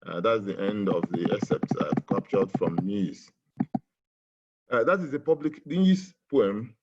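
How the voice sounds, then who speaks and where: A middle-aged man speaking in a webinar, halting with many fillers and slow and emphatic when he reads aloud. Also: on the low side, darkish tone, husky, muffled recording. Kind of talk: webinar talk with a poem reading. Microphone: video call.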